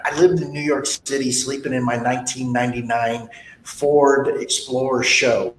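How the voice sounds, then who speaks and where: A man hosting a podcast interview, talking bluntly and motivationally with stories from his own life. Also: fairly bright tone. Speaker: podcast host, sales trainer. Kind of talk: casual interview talk. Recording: echoey room with faint rumble.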